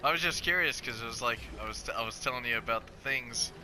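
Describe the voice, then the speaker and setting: A man's voice: mid-range voice, fast, sharp tone, slight background noise. A man in casual chat, laid-back and hesitant, swearing often. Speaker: podcast co-host.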